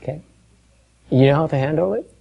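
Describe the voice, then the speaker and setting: A man leads a meditation class in a gravelly voice with a dark, mellow tone. He talks haltingly, with many fillers, and keeps quizzing and teasing his listeners. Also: a little high, highs cut off. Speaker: meditation teacher. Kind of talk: dharma talk to a class.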